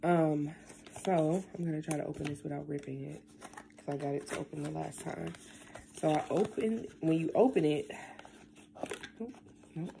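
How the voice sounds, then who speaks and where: A young woman talking casually into her camera at home, rambling and tearful, with lots of halting fillers. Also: low voice, gravelly, mellow, slight background noise. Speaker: vlogger. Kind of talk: casual vlog, emotional talk then unboxing.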